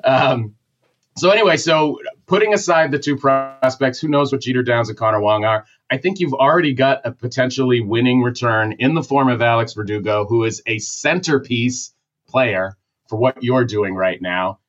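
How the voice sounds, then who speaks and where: A man's voice: mid-range voice, normal speed, fairly bright tone. A man with a Boston accent delivers a rambling, opinionated rant in casual sports talk. The audio is dull and lo-fi. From Massachusetts.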